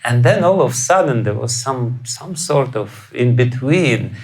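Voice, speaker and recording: Speaking at a measured pace in an expressive, medium-pitched voice, a man with a Russian accent teaches scripture in a lecture hall. He chuckles frequently, asks rhetorical questions, and voices quotes with abrupt loud bursts, though the audio is poor.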